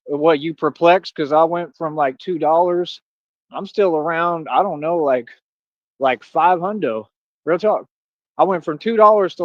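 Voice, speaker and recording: Boasting and picking fights with his critics, a man rants through a livestream monologue, returning again and again to "what are you talking about." His pitch is fairly high, and the lo-fi recording has no echo.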